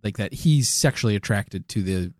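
A man's voice: on the low side, lively intonation, normal speed, a little mellow, no room sound, clean studio sound. A man co-hosting a comedy podcast, telling a rambling, crude and absurd improvised story.

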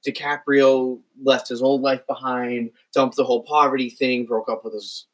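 A man's voice: mid-range voice, little pitch movement, moderate pace, rough recording. A man on a podcast, animatedly retelling film scenes in casual discussion. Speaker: podcast co-host.

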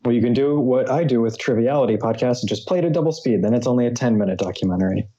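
A man's voice: medium pitch, very fast, mellow, dull audio. A man hosting a trivia podcast, reading quiz questions with playful jokey asides. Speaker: quiz host.

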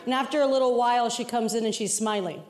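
A woman's voice: on the high side, quick pace, slight background noise. A woman performing a stand-up comedy set, telling a story with acted-out dialogue and plenty of profanity. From Mexican heritage. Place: large venue before a live audience. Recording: roomy live venue with loud crowd. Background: laughing audience.

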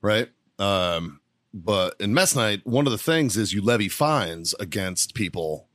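A man's voice: fairly low pitch, lively intonation, measured pace, fairly bright tone, no room sound, clean studio sound. A middle-aged man, a podcast co-host, telling a profane story in a laughing, casual way.

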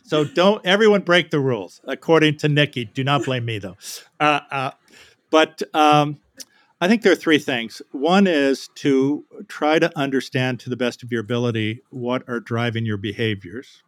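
A man as guest author in a podcast interview, speaking in a measured, reflective way and clearing his throat now and then. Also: medium pitch, a bit bright, dry recording.

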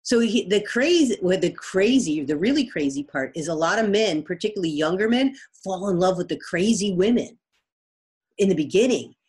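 A woman's voice: mid-range voice, lively intonation, moderate pace, a little mellow. A woman guest, a biology professor, explaining things in casual conversation with everyday examples. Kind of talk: conversational interview.

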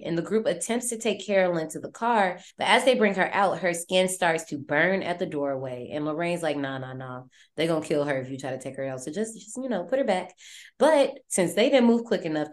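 A woman with a lowish voice hosts a podcast, retelling a horror film in loose, chatty slang. She talks animatedly and swears freely. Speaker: podcast host. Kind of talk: casual horror movie recap.

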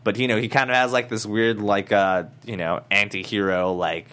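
A man's voice: on the low side, level tone, moderate pace, sharp tone. A young man co-hosting a casual review podcast, rambling with plenty of fillers and some playful teasing. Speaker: podcast co-host.

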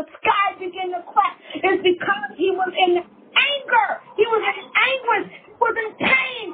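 A woman preaches a fervent, emotional sermon in a very high voice. The sound is thin and phone-like, with a faint hiss behind her.

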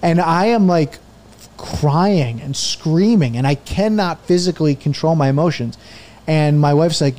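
Fast-rambling, swearing man telling a story. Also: fairly high pitch, a little mellow. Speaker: podcast guest. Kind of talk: casual chat.

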